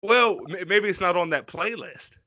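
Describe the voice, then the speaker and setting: A man co-hosting a podcast, tearing into songs he hates with a loose, profane, rambling delivery. His voice is very bright and tense, recorded dry and close with no room sound. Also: sits high, moderate pace, dry recording. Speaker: podcast co-host. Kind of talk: casual chat.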